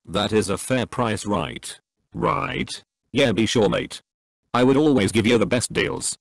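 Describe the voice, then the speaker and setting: A man plays a shady dealmaker with a slow, sly patter. The voice sits low and dry. Every offer sounds like a con. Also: lively intonation, gravelly, dry recording, exaggerated voice.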